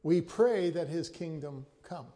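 A pastor with a fairly high pitch and dark tone preaches in what sounds like a big room. His sermon is careful, measured teaching, marked by frequent restarts and repeated words.

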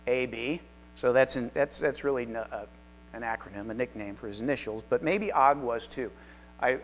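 Male Bible class teacher, conversational and self-deprecating, speaking in a mid-range voice, soft music underneath. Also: mid-range voice.

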